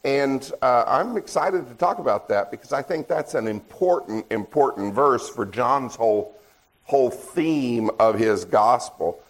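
An older man, a guest preacher, opening his sermon in a relaxed, joking, self-deprecating way before turning to scripture. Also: medium pitch, measured pace. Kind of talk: sermon with dad jokes.

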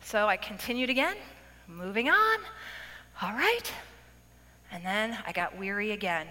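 Middle-aged woman preacher, bright tone, lively storytelling sermon, big hall echo. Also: medium pitch, a little slow. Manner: animated storytelling with acted-out quotes. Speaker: speaker at a women's event. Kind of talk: testimony sermon. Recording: long hall reverb.

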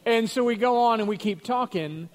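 A pastor delivers his sermon like a chat with friends, his voice pitched high for a man. He spins anecdotes, stops to chuckle, and doubles back on words mid-sentence. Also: moderate pace. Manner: storytelling, chuckling, repeats words as he goes. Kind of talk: conversational sermon.

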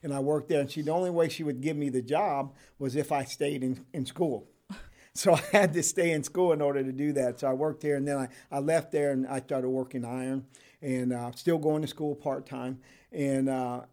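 This retired correctional officer, an older man, is the interviewee in a storytelling interview, speaking at normal speed in a mid-range voice that's steady and dark in tone. He rambles through his story, often saying um, restarting, and laughing.

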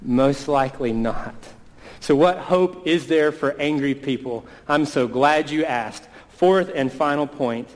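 A man in his thirties preaching a sermon, earnest, slowing down to stress key words. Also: on the high side, big-room sound, low-quality recording. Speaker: pastor.

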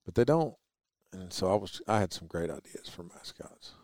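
A man's voice: sits low, expressive, normal speed, darkish tone, no room sound, studio quality. A man hosting a podcast, rambling and joking in casual chat. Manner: rambling, enthusiastic, jokey. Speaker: podcast host.

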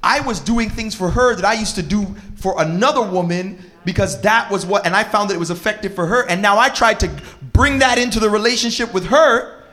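A man in his thirties co-hosting a casual chat about parenting and relationships, animated and slangy with preacher-like exclamations. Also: high-pitched, brisk. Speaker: podcast co-host.

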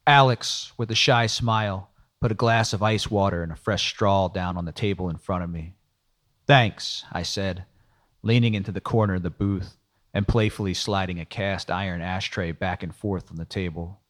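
Low-voiced man, world-weary noir audiobook narrator, dry and wry. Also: fairly even intonation, moderate pace, a bit bright.

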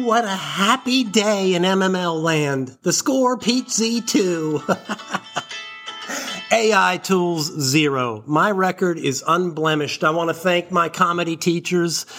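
A man with a notably high-pitched voice hosts his own comedy podcast alone. He talks in a swaggering, mock-indignant way, swearing freely and puffing himself up as he rants. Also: fairly bright tone. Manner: mock-indignant, profane, boastful. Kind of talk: solo comedy podcast rant.

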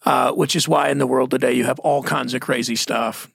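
A man's voice: mid-range voice, steady tone, a little fast, gravelly, fairly bright tone, breathy edge, dry recording, studio quality. A man with a Texan accent talking bluntly and folksily about faith, laughing often. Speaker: Christian podcast guest. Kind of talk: casual faith discussion.

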